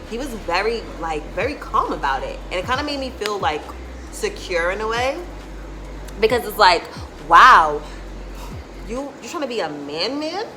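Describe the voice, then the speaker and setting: A woman's voice: mid-range voice, big pitch swings, moderate pace, pushed and bright, rough recording. A young woman telling a candid storytime in a chatty, casual way, often saying "like" and swearing freely. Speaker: vlogger. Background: background music.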